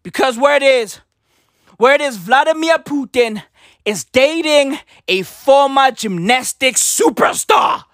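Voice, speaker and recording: A high-pitched South African man ranting in a comic monologue, his voice leaping wildly up and down as he shouts and swears in exasperation. He speaks slowly and deliberately, with a bright, sharp edge. The sound is dry and close, with no room around it. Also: no echo. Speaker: comedian. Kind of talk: profane comedic rant.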